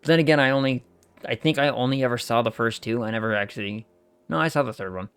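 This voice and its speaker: A man's voice: mid-range voice, fast talker, fairly bright tone, clean tone, no room sound. A man streaming a game, chatting loosely with viewers and swearing casually. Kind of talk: casual gaming stream chat.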